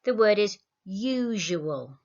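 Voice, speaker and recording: A woman leads a children's spelling lesson, patiently sounding out each syllable. Her voice sits at an ordinary middle pitch. The recording is slightly muffled and lo-fi. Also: lively intonation, takes it slowly, a little mellow. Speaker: primary school teacher.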